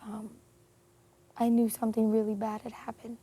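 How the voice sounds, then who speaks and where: A woman telling a painful personal story in an interview, earnest and emotional, with many pauses and fillers. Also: a little high, completely flat delivery, warm tone, husky. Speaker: interview guest.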